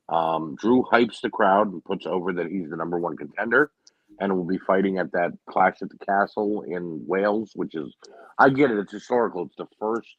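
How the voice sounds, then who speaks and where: A man's voice: low-pitched, dry recording, highs cut off. A man co-hosting a casual wrestling recap, opinionated and often saying "you know what I mean.". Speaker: podcast co-host.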